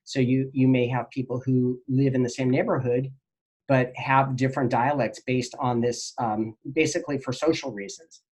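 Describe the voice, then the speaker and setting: A man's voice: mid-range voice, normal speed, breathy edge. Man teacher, casual lecture, student questions, rambling, lots of ums. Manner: relaxed, rambling, with many fillers.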